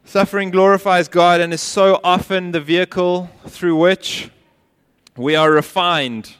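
Smooth-voiced pastor preaching in a reverberant hall. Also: male voice, high voice, fairly even intonation, a little slow. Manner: earnest and emphatic, dropping to quiet intensity. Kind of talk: sermon.

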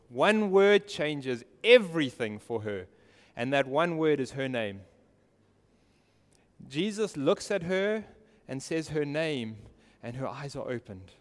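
A man's voice: medium pitch, long reverb tail. A man preaching a sermon earnestly, asking his listeners direct questions. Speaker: pastor.

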